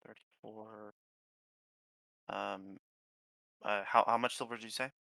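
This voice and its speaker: A low-voiced man playing a tabletop game, his voice gravelly and forceful. He is hesitant and asks twice about details, recorded dry and close. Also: flat delivery, slow pace, no room sound. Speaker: player. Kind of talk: casual play at a tabletop game.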